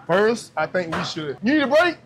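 A man's voice: sits high, sing-song, moderate pace, background noise. A man chatting in a laid-back, slangy way while working a shift on camera. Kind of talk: casual vlog banter.

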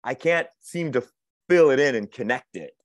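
A man in his forties talks casually as a guest over a video call. He is self-deprecating and laughs easily, and his voice sits at an everyday middle pitch. The sound is dry and close, with no room around it. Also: lively intonation, moderate pace, no echo. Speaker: podcast guest, actor and author.

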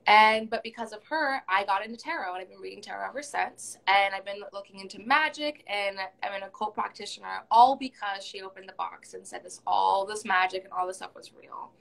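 A young woman chatting casually as a podcast guest about reading tarot, talking quickly and acting out what others said. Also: mid-range voice, creaky, a bit bright, low-quality recording. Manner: chatty, laughs often, quotes others in quick bursts. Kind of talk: casual chat.

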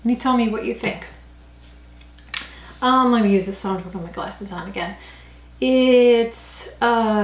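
A woman's voice: a little high, darkish tone. Older woman vlogger, chatty and self-correcting, recorded in an echoey home room. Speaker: beauty vlogger. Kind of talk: unscripted makeup review. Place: indoor home room, rain outside. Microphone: camera mic. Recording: echoey room on camera mic.

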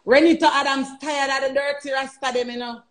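Loud scolding Jamaican woman, high voice. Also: fairly even intonation, brisk, poor audio. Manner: loud, scolding, mocking, heavy cursing. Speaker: live streamer. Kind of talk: ranting live stream chat.

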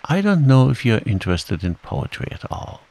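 A man voicing a gentle, simple-minded young male bear who talks in an earnest, hesitant, mild way. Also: mid-range voice, big pitch swings, normal speed, creaky, pitched above the performer's own voice.

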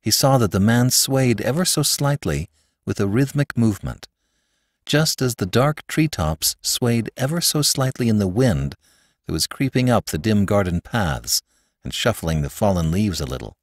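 Expressive male audiobook narrator. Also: lowish voice, moderate pace, no echo, studio quality. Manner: expressive, dramatic reading. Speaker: narrator and podcast host.

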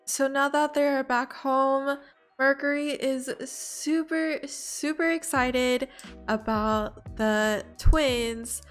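A woman hosting a let's play, chatting along and gasping at exciting moments. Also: high-pitched, extremely slow, soft background music. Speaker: gaming channel host. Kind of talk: let's play commentary with face cam.

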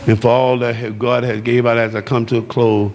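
A man preaching a sermon, shouting and calling out to the congregation in a church. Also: mid-range voice, level tone, brisk, slight background noise. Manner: shouting, exuberant preaching with call-outs to the congregation. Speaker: pastor. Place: church sanctuary. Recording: long hall reverb.

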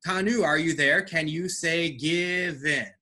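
A man teaching an online English class, speaking slowly and deliberately. His voice is bright and forceful. He is patient and encouraging and explains step by step over a video call. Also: on the high side. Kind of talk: online language lesson.

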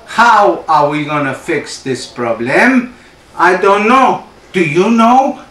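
A man's voice: high voice, lively intonation, slow pace, a bit bright. A man hosting a comic show, rambling in a playful, mock-earnest way with a put-on Canadian accent. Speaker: comedy show host. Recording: roomy echo, distant mic.

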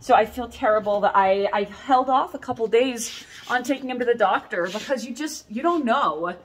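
A woman in her thirties who makes corsets, chatting casually as she shows pieces in her workshop, animated and self-mocking. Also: on the high side, normal speed, slight background noise. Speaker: corset maker showing her collection. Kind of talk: casual product showcase vlog. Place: workshop under a tin roof.

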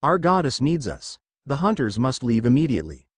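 A man's voice: mid-range voice, very animated, brisk, slightly rough, no room sound, clean studio sound. A man voicing a stern young huntress who speaks in formal, old-fashioned words, in a fantasy story reading. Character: stern ancient huntress girl, formal archaic speech.

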